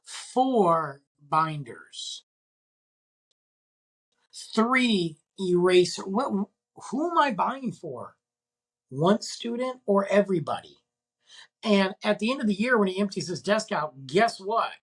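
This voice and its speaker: Husky man ranting on his podcast. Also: sits high, sing-song, takes it slowly, fairly bright tone. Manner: exasperated, ranting, rhetorical questions. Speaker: podcast host. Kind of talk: casual podcast rant.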